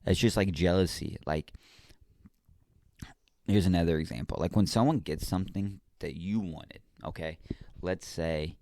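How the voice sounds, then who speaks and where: A man hosting a podcast, talking casually and straight to the listener in a relaxed, slangy monologue. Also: sits low, unhurried, gravelly, pauses often, no echo. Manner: laid-back, slangy, talks straight to the listener. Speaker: podcast host.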